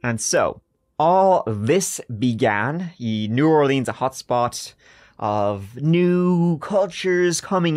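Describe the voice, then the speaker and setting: A young man narrates a true-crime story on a podcast with a very lively voice that climbs and dips as he goes. He keeps it casual and jokey, riffing on his own story as he tells it. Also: medium pitch.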